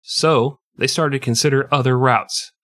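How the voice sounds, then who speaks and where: A man's voice: mid-range voice, fairly even intonation, normal speed, fairly bright tone, no room sound, clean studio sound. A young man co-hosting a comedic history podcast, telling the story with crude jokes and frequent laughs. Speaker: podcast co-host. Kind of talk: casual comedic history chat.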